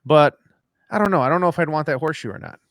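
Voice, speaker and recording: A man's voice: a little high, very fast, fairly bright tone, dry recording. Rambling, swearing podcast guy, dry sound. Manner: loose, rambling, swears casually. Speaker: podcast co-host. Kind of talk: casual live podcast chat. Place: at home after dinner.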